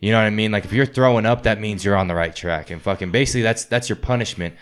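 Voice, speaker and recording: Fast, low-voiced man with a profane storytelling style, doing yelled impressions of drill instructors. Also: clean tone. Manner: profane, swears constantly, acts out drill instructors. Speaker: former Marine telling boot camp stories. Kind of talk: casual podcast chat.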